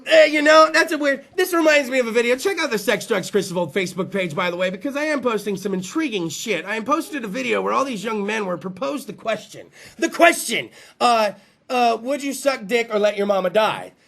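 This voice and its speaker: Man, talk show host, crude comedic monologue, bright voice, gravelly edge. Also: high-pitched, lively intonation, a little fast. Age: adult. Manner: rowdy, crude, joking, acting out voices.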